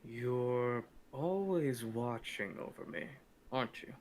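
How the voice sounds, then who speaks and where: A man playing a gentle, affectionate researcher, speaking softly and without hurry. His voice sits in a middle pitch range. Faint noise hums underneath. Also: lively intonation, slow pace.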